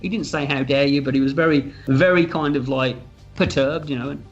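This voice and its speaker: A man's voice: fairly high pitch, brisk, lo-fi sound, soft background music. A man in a casual interview, telling a story with energy, swearing freely and acting out what others said. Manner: animated, swears freely, acts out quoted dialogue. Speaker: film writer and director, interview guest.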